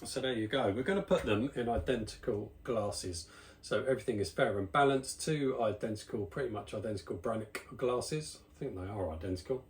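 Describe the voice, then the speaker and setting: A man's voice: fairly low pitch, a little fast. A man from the UK hosting a casual beer review, chatty and rambling with self-deprecating asides, slightly out of breath. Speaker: beer reviewer, channel host.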